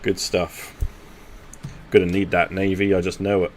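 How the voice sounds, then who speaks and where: A man's voice: sits low, little pitch movement, unhurried, slight background noise. A man, chatting casually with teammates while live streaming a strategy game and thinking aloud. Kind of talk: casual gaming commentary talking to teammates.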